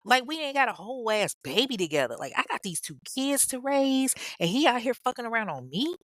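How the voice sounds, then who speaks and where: A woman's voice: on the high side, very animated, fairly bright tone, no echo, voice pushed up. A woman voicing a furious, indignant young wife who has found out her husband is cheating, in a true-crime podcast retelling. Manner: angry, rapid, indignant.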